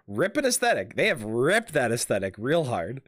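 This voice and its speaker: Animated, rambling streamer man. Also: medium pitch, unhurried, a little hiss or hum. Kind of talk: live gameplay commentary.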